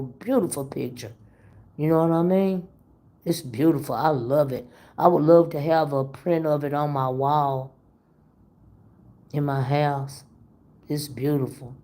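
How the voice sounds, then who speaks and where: A woman hosts a chatty livestream, gossiping with her viewers and cracking up at the stories. Her voice sits a little low and runs gravelly with fry, and it sounds worn from recent illness. She stretches her exclamations out long. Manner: animated, laughing, drawn-out exclamations. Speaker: livestream host reading chat. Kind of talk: casual gossip chat.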